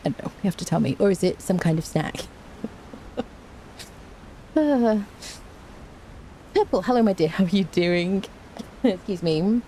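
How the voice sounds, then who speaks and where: A woman's voice: fairly low pitch, animated, unhurried, pauses often, warm tone, a little hiss or hum. A woman with a cold, chatting playfully with her live-stream viewers and greeting them by name from home. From Britain. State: has a cold. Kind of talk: casual live-stream chat. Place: indoors at home.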